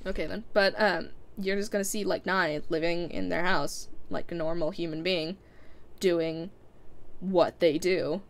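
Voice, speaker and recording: A woman's voice: on the low side, steady tone, measured pace. A young woman chatting casually as a live streamer winding down her stream, rambling with lots of fillers and frequent laughs.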